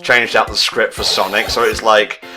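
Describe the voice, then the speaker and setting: A man with a low but bright voice, joking sarcastically through casual game commentary. He swears freely and teases his co-hosts, and his tone stays crisp and forward the whole time. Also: level tone, normal speed, soft background music. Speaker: let's play commentator.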